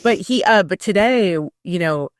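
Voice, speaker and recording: A woman co-hosting a podcast, talking bluntly and casually, quick to agree with her co-host. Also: medium pitch, animated, no room sound, clean studio sound. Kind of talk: casual chat.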